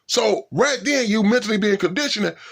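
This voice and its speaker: A man's voice: sits high, expressive, brisk, breathy edge. A man in a casual, profane rant, swearing and sounding incredulous. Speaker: vlogger.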